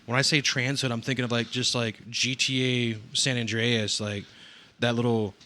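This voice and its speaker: Male podcast co-host, bright tone, rambling and profane, crude humor. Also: mid-range voice, flat delivery, normal speed. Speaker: nursing home worker. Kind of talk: casual podcast chat.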